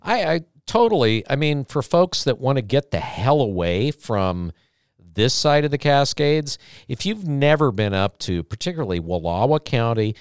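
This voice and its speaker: A man guest on a casual podcast, telling rambling road-trip stories and cracking deadpan jokes. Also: mid-range voice, moderate pace, clear, resonant tone, no room sound, clean studio sound. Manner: rambling storyteller, deadpan joking. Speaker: podcast guest, radio host. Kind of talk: casual chat.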